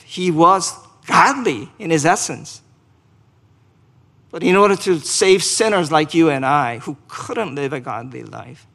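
A male pastor delivers a sermon in a measured, unhurried way, his voice sitting a little high for a man. He speaks earnestly and asks his listeners questions. He builds to emphatic peaks and then drops into quiet prayer. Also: big-room sound. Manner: speaks directly to the congregation with questions.

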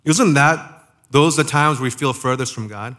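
A man preaching a sermon in a conversational way, asking the listeners rhetorical questions and slowing down to stress key phrases. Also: mid-range voice, a bit bright. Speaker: pastor.

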